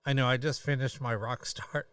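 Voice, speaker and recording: Tired, halting man, slightly off-mic. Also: medium pitch, fairly even intonation, fairly bright tone, clear, resonant tone, no room sound, clean studio sound, distant mic. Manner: halting, many pauses and fillers. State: tired, yawning. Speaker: live stream host. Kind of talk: casual live-stream chat.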